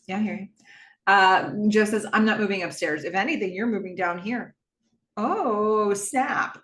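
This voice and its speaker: A woman hosting a podcast, casually recapping a TV episode and acting out the characters' lines with quick laughs. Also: mid-range voice, a bit bright, slight background noise. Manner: chatty, laughs often, jumps into character voices. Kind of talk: casual recap with acted-out quotes. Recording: echoey room.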